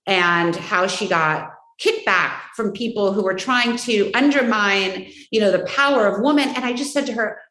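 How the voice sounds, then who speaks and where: A woman's voice: medium pitch, roomy sound, poor audio. A woman in her forties answering interview questions in a heartfelt, casual way. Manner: warm, heartfelt, quickly emotional. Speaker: guest.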